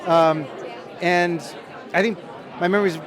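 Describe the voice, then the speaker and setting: A man with a high voice tells chatty, self-deprecating anecdotes in an interview. He is a film director at an outdoor premiere. A crowd chatters loudly behind him. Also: fairly even intonation, unhurried. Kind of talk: press junket interview.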